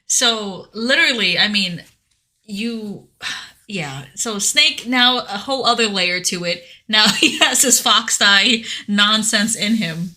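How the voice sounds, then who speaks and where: A woman's voice: medium pitch, expressive, takes it slowly, sharp tone. A woman co-hosting a podcast in casual chat, curious, asking many questions and laughing often. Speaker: podcast co-host.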